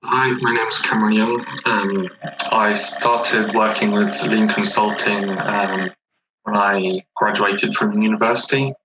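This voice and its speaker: A young man in his twenties, an automation developer, speaking in a measured, hesitant way with many fillers. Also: lowish voice, flat delivery, pushed and bright, highs cut off, a little hiss or hum. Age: 20s. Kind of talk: casual webinar discussion.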